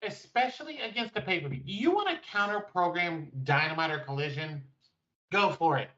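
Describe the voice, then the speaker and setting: Emphatic co-host, middling pitch, dull lo-fi audio. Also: expressive, normal speed, a bit bright, distant mic. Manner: emphatic, opinionated, firm. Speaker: podcast co-host. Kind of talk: casual wrestling chat.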